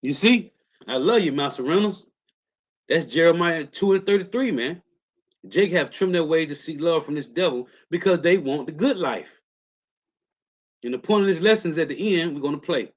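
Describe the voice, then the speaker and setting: A man's voice: a little high, animated, normal speed. Informal preachy man on a lo-fi recording. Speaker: religious teacher. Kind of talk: scripture lesson with film commentary.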